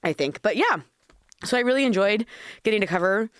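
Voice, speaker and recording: A woman hosting a casual podcast, chatty and quick to laugh, with casual swearing. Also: medium pitch, animated, no room sound, clean studio sound. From Washington State. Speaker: podcast host, cannabis consultant.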